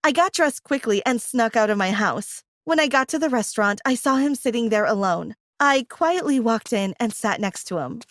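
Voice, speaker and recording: A woman's voice: a little high, expressive, normal speed, few pauses, fairly bright tone, no echo. A young woman narrating a first-person story in a dramatic, emotional style.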